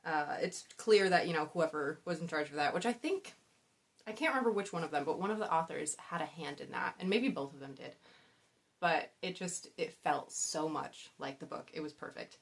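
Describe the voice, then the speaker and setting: Young woman book vlogger, lower-pitched, chatty and rambling, casual and self-aware. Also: normal speed, gravelly. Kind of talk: casual book-tag chat.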